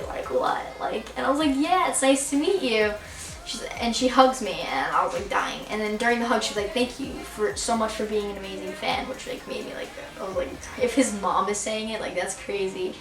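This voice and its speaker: A woman's voice: mid-range voice, recorded from a distance, faint music behind. Gushing teen girl vlogger, roomy sound. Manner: gushing, fast, full of "like". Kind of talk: excited casual storytelling. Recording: roomy and a bit off-mic.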